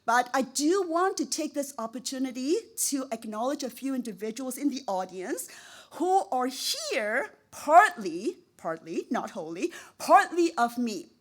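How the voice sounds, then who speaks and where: Middle-aged woman, higher voice, heartfelt self-mocking acceptance speech, stacks "really" for emphasis. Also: big pitch swings, unhurried. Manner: effusive, repeats words for emphasis; laughs at herself, emotional. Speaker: award recipient, professor.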